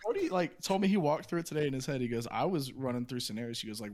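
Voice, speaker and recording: A young man hosting a podcast, chatting loosely with friends. He talks in fast, repetitive bursts and breaks into laughter often. His pitch sits right in the middle for a man. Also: lively intonation, a little mellow. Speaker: podcast host. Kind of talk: casual podcast banter and storytelling.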